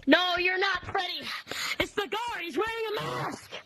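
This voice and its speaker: A woman's voice: very high-pitched, normal speed. A woman voicing a spiteful, vengeful broken animatronic bear in VR game role-play. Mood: scornful. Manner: threatening, spiteful. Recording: loud noise behind.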